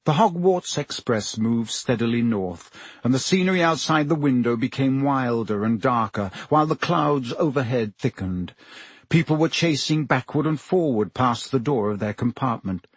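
A man narrating a novel as an audiobook in a steady, measured way. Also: medium pitch, slightly rough, no room sound. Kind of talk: scripted narration.

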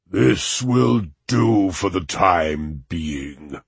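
Man voicing the Adderhead, a snarling husky tyrant. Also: low-pitched, animated, no echo, heavily acted. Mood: menacing. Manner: snarling, slow and menacing. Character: cruel ailing old male tyrant king. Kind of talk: audiobook character voice.

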